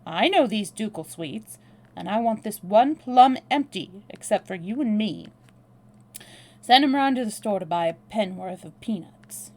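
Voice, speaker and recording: Storybook tough guy: woman reading a cool, drawling American man with a gravelly edge. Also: mid-range voice, lively intonation, a little slow, warm tone. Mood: blunt. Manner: drawling, dry and threatening. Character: brash, blunt young American man, cool under pressure. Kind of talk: read-aloud novel dialogue.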